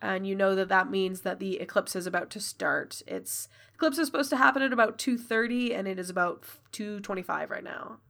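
A woman's voice: mid-range voice, brisk, vocal fry, few pauses, fairly bright tone. A woman narrating a tabletop role-playing game as game master, in a casual, chatty way with many fillers.

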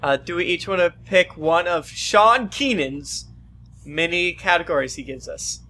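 Bright-voiced man co-hosting, teasing. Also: on the high side. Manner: teasing, quick to laugh. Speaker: podcast co-host. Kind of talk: casual chat.

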